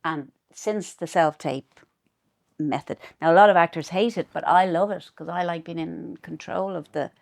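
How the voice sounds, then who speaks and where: A middle-aged woman with a fairly low voice talks as a podcast guest. She tells stories with animation and speaks bluntly, with a swear word here and there. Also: normal speed, creaky. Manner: animated storyteller, frank, swears. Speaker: guest actor. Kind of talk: casual chat.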